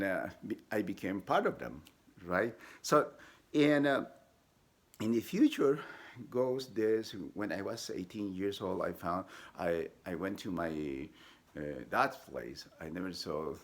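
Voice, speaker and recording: A man's deep, gravelly voice halts along with many fillers and restarts as he, a vlogger, tells the story of his own life. Quoting other people, he breaks into high, lively voices.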